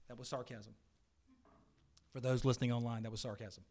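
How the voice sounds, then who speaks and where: A middle-aged man, a pastor, preaching a sermon to his church with earnest swells in pitch and volume and the odd dry aside. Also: flat delivery, a little fast, a little mellow. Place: church sanctuary.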